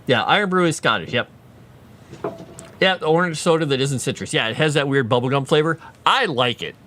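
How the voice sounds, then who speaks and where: Male streamer, casual tangent-prone chatter, animated intonation. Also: a little high, fairly quick, slight background noise. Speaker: writer streaming his lore writing. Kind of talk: casual livestream chat with viewers.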